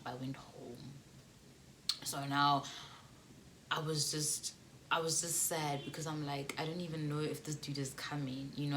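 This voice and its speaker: A young South African woman telling a storytime vlog, animated and laughing, slipping between English and local slang. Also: a bass voice, a little hiss or hum. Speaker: YouTuber.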